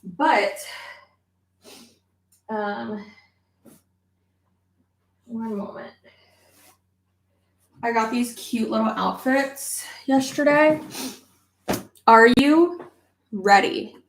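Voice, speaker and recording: A woman's voice: fairly high pitch, drawn-out words, vocal fry, pauses often, roomy sound, slight background noise. Chatty young woman vlogging casually. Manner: chatty, swears casually, many fillers. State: pregnant. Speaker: YouTuber. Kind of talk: casual livestream chat.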